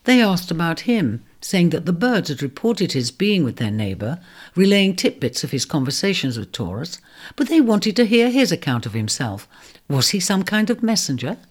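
Storybook narration, expressive reader, lively rising and falling pitch, mid voice. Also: moderate pace, breathy edge. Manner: expressive, animated reading.

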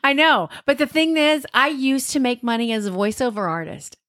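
A woman from Alabama co-hosting a married couple's podcast in casual chat, animated and quick to laugh. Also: sits high, no echo, clean studio sound. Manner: animated, laughs a lot, swoops into put-on voices. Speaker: podcast co-host.

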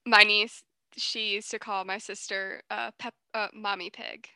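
Bright-voiced woman guest, wry asides. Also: mid-range voice, little pitch movement, unhurried. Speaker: podcast guest. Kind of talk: casual chat.

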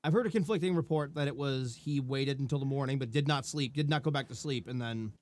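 A man's voice: medium pitch, fast, a little mellow. A man co-hosting a true-crime podcast, casual and jokey, chiming in with crude quips. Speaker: podcast co-host.

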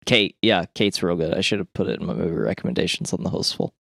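A man's voice: deep voice, lively intonation, quick pace, creaky, no room sound, clean studio sound. A man hosting a podcast, chatting casually with profane, emphatic opinions. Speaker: podcast host. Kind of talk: casual chat.

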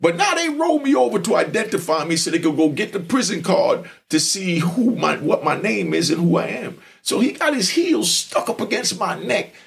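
A gravelly-voiced man telling a story in a lively, streetwise way, his pitch sitting fairly high and swinging widely. He talks in loose, rambling runs and keeps checking in with the listener. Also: normal speed, few pauses. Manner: animated, streetwise, repeats "you know what I mean". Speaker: podcast host telling stories. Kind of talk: storytelling monologue.

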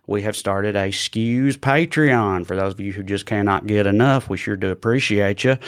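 A man hosting a comedy podcast, who chats loosely and jokes with profanity. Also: mid-range voice. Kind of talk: casual comedic chat.

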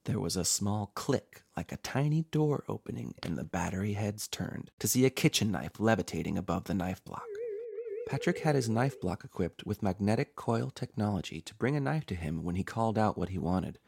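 Low-voiced man narrating a horror tale. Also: expressive, normal speed, gravelly, slightly rough. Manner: theatrical, relishing dark comic details. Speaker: horror podcast host and narrator. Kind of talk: scripted horror-comedy narration. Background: background music.

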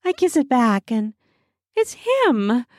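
A woman tells an erotic audio story in the first person, her voice breathy and intimate and a little high. She takes her time over every line, unhurried and hushed. The recording is dry and close, with no room sound. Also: big pitch swings, no echo. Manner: breathy and intimate, slipping into soft moans. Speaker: narrator.

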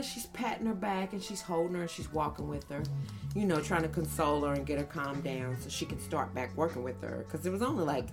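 A woman telling funny family stories on a podcast, acting out her toddlers in high little voices. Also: a little fast, gravelly, soft background music. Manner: animated storyteller, acts out toddlers in high voices. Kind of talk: casual chat.

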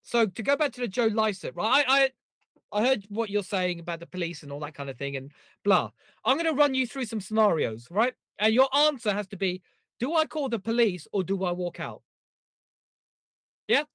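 A man's voice: high-pitched, very animated, moderate pace, fairly bright tone, no room sound, clean studio sound. A man hosting a casual comedy podcast, rambling and joking, laughing at his own gags. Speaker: podcast host.

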